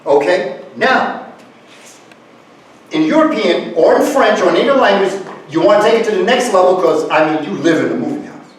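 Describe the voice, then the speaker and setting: A man's voice: high voice, lively intonation, moderate pace, slight background noise. A man lecturing a live audience, acting out example phrases and coaxing them to join in. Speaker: guest speaker. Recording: echoey room, far from the mic.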